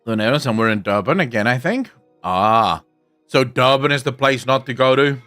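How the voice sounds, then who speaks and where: A man's voice: mid-range voice, animated, normal speed, a bit bright, soft background music. A South African man chatting casually on a live stream, rambling and swearing freely while he answers his chat. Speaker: game streamer.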